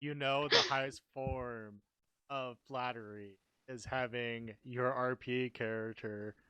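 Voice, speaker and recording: A player at a tabletop game cracks wry jokes in a smooth, resonant mid-range voice. The sound is dry and close, with no room around it. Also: mid-range voice, steady tone, slow pace, pushed and bright, no echo. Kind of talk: casual chat at a tabletop game.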